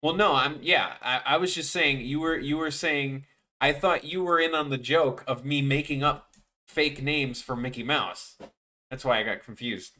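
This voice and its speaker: A man's voice: mid-range voice, moderate pace, sharp tone. A man chatting casually with viewers on his animation live stream, rambling and joking, often trailing off mid-sentence.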